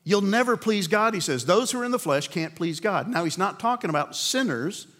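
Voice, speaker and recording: Earnest guy preaching to a room of men, asks questions then slows way down, kinda high voice. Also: expressive, a bit bright. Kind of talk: sermon. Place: room with a men's group.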